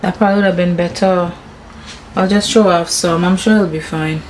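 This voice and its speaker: A woman in her thirties with a Caribbean English accent, chatting casually to her viewers and her husband at home, giggly and warm. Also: fairly low pitch, fairly even intonation, moderate pace, noisy background. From Caribbean, grew up in Anguilla. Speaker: vlogger. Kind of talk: casual home vlog chat. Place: home, indoors.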